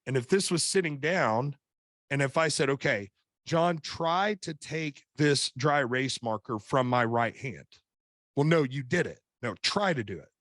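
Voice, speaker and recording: In a casual chat, a middle-aged podcast guest, an author and coach, earnestly and openly builds his story, circling back with repeated "and, and" openings. His ordinary medium-pitched voice is animated, a bit bright, and a little slow. It's recorded close and dry, without any room sound.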